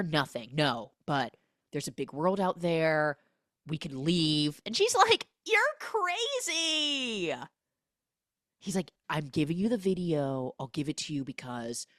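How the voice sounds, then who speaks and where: A young woman tells a movie's story as a comedic podcast host, her pitch bouncing up and down as she slips into exaggerated voices for each character. Her voice sits a touch low and the sound is close and dry, with no room around it. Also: no echo. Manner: animated, acts out characters' lines in quick exaggerated voices. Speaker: podcast host recapping a film. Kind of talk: casual comedic film recap.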